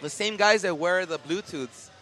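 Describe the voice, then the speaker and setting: A man's voice: high voice, moderate pace, fairly bright tone. A man co-hosting a casual podcast, ranting profanely with lots of fillers and restarts. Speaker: podcast co-host. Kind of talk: casual comedic rant.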